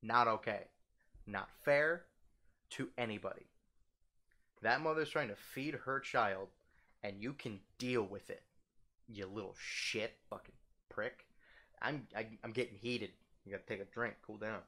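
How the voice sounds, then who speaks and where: A young man ranting casually, animated and profane, his voice jumping up when heated. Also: measured pace, pauses often. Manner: animated, swearing, heated, with sudden pitch jumps. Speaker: vlogger ranting.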